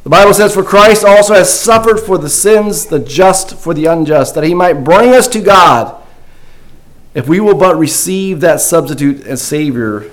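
A man's voice: on the high side, lively intonation, normal speed, rough recording. A man preaching a sermon in an earnest way that builds emphasis. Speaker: pastor.

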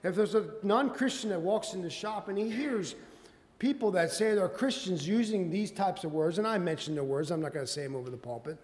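A man preaching a sermon, quoting scripture in old-fashioned wording and building to loud, emphatic peaks. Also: sits high, animated, brisk. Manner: quotes scripture in King James wording. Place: church sanctuary. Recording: long hall reverb.

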